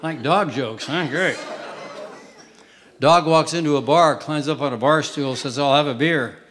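A man performing a stand-up comedy routine on a stage, telling short jokes and dropping punchlines in a deadpan way. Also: on the high side, unhurried, some chatter behind. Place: theater stage with live audience. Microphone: stage microphone.

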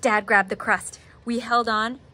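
A woman art teacher who reads a picture book aloud with expressive, animated storytelling, then gives drawing steps. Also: on the high side, unhurried.

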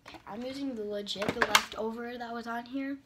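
Casual beauty vlogger, female, high voice, chatty and easily flustered, slips into whispers; loud clicking noise behind. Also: steady tone, brisk. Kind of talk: casual vlog chat while doing makeup.

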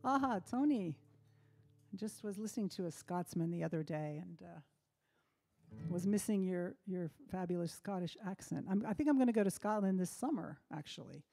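Woman musician, host of her own fireside stream: mellow, relaxed, chatty, faint guitar behind. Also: lowish voice, normal speed, gravelly. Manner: relaxed, chatty, many ums and restarts. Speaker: singer-songwriter hosting a live stream. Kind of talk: casual chat between songs. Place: home by the fireside.

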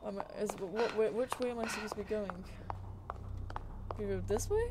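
A woman's voice: medium pitch, normal speed, heavy background noise. A woman streamer thinking aloud and swearing casually as she plays a game live, with game music behind her. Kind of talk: live gameplay commentary.

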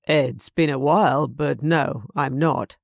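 A woman's voice: rumbling low, slow, vocal fry, no room sound, studio quality, full character voice. A woman narrator voicing a blunt, direct man recovering from illness in an audiobook. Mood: dry.

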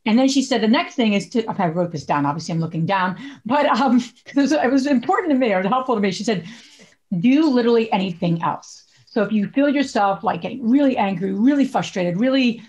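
A middle-aged woman co-hosting a podcast, chatting casually and telling stories with animated asides and frequent laughs. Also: a little high, quick pace, few pauses. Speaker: podcast co-host.

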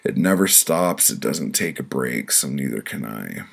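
A man reading his own prose poems aloud as an audiobook, blunt, profane and deadpan. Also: a bass voice, a little slow, creaky, slightly rough.

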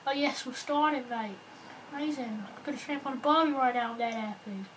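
A woman's voice: high-pitched, a little fast, recorded from a distance, natural voice. A woman voicing a cheery racer in a mock Australian accent, tacking "mate" onto her lines. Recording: noisy home recording.

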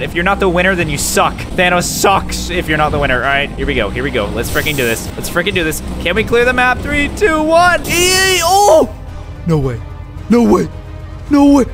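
A young man giving excited, hyper gameplay commentary, yelling and swearing mildly. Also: on the high side. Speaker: gaming YouTuber. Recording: music playing under voice.

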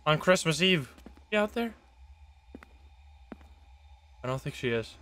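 A man streaming a horror game live, reacting jumpily with excitable, swearing commentary. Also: a little high, takes it slowly, slight background noise.

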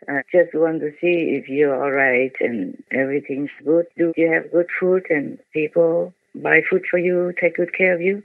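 Older woman, spiritual teacher, on a phone call to her team: gravelly, emotional, repeats herself, tinny line. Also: deep voice, steady tone, a little slow, no room sound. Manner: emotional, repeats words for emphasis.

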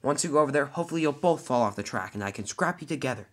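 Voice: animated, very fast, natural voice. A young storyteller voicing a scheming villain diesel engine in a homemade toy-train story. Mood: sneering. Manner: sneering, then shrill and panicked.

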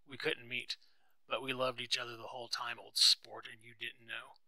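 A man reading the part of a calm, polite and earnest young rich lover. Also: medium pitch, normal speed, vocal fry, no echo, poor audio.

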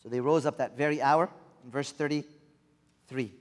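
A man's voice: medium pitch, steady tone, normal speed. A man preaching a sermon, earnestly putting rhetorical questions to his listeners. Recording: long reverb of a large hall.

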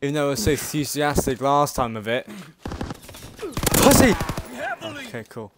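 A man's voice: mid-range voice, fairly even intonation, quick pace, heavy background noise. A man giving casual gameplay commentary as a channel host, frustrated and swearing as he plays. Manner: frustrated, swearing, raging at the game.

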